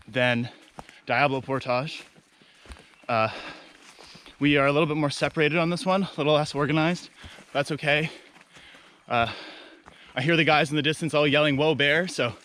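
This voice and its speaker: A man talking casually to the camera while walking a portage trail and carrying gear, often pausing with filler sounds and restarting his phrases. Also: fairly high pitch, fairly bright tone, slight background noise. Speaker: canoe trip vlogger. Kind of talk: casual on-the-go video diary. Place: outdoors on wilderness portage trails.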